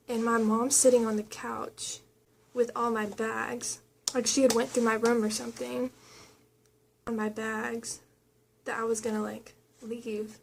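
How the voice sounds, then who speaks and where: A woman's voice: fairly high pitch, gravelly, a little hiss or hum. A young adult woman vlogger chatting casually, retelling a personal story in a rambling way full of fillers and quoted dialogue.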